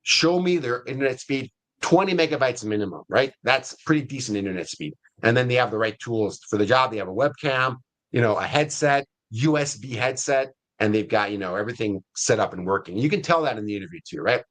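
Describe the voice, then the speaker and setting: A middle-aged man with a US Hispanic accent, hosting a webinar in a casual, energetic way with many fillers and restarts. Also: mid-range voice, brisk. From Latin America. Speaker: webinar host.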